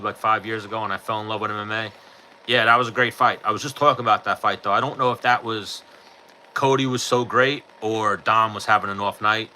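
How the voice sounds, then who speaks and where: Blunt, sharp-voiced New guy. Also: on the low side, a little hiss or hum, poor audio. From New York. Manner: blunt, profane, offhand. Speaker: podcast host answering live chat. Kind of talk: casual chat.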